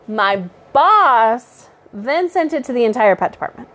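Young woman cohosting a podcast, kinda high voice, laughs a lot while telling stories. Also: very animated, a little slow, a bit bright. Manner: chatty, laughing storyteller. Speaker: podcast co-host. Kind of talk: casual chat.

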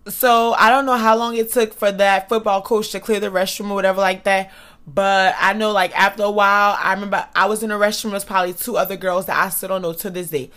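A young woman tells a wild personal story in casual, profane speech. Her voice sits high and sounds bright and forceful. She talks loudly and with lots of emphasis. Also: a little fast. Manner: animated, profane, loud and emphatic.

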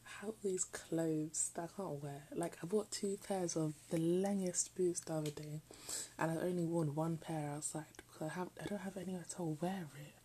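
A woman's voice: lowish voice, steady tone, moderate pace, dark tone, slight background noise, poor audio. A teenage girl chatting casually late at night in her bedroom, rambling and often dropping into half-whispers. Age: late teens. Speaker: vlogger.

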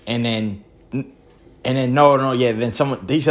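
A man's voice: mid-range voice, normal speed. A man co-hosting a podcast, retelling a pickup basketball game in casual, profane slang. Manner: animated storytelling, profane slang. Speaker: podcast co-host. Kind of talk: casual chat.

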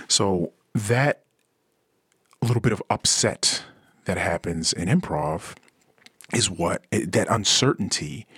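Man, very low voice, husky, dry close mic, casual podcast monologue. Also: no echo. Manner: animated, acts out quoted voices. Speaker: podcast host.

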